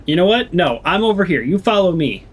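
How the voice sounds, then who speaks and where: In a high, sing-song voice that runs a little fast, a gaming channel host does let's-play commentary, sarcastically grumbling and thinking aloud as he plays a video game. The audio is poor, with a little hiss or hum.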